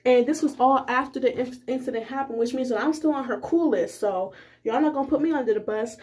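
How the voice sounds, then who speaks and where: A young woman telling a casual storytime, rambling and animated, with many fillers. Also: sits high. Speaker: vlogger.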